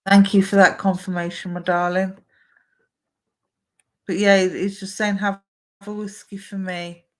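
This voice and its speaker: Female medium, talky and warm-paced, live-stream reading. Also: medium pitch, little pitch movement, unhurried. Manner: chatty, relays messages from spirit.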